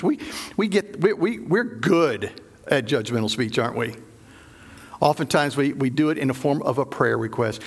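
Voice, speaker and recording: High-voiced preacher, dramatic hushed drops. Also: male voice, gravelly. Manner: dramatic, drops to low hushed tones for emphasis; acts out quoted voices. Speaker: pastor. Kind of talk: sermon.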